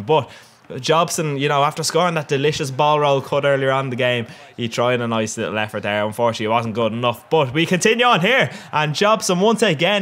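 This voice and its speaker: Cheeky young Irish man. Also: mid-range voice. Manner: rambling and cheeky, with bursts of excitement. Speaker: gaming commentator. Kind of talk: casual video game commentary.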